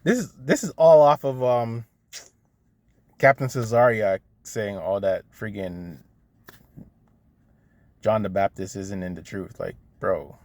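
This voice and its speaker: A man's voice: on the low side, slow pace, pauses often, darkish tone, dry recording. A man in a casual, profane rant full of street slang, recorded on a phone in his car. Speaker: vlogger. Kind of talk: casual ranting monologue. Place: in a parked car. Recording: car interior with road noise.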